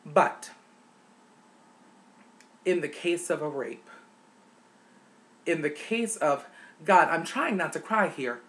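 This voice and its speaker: A woman's voice: low-pitched, lively intonation, slow, pauses often, fairly bright tone. A woman vlogger delivering an impassioned, indignant opinion rant, repeating words for emphasis.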